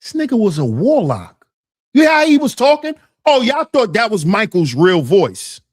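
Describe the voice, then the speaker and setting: A woman streamer giving a ranting commentary, animated and mocking, repeating her points and laughing through them. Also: medium pitch, moderate pace, no room sound, studio quality.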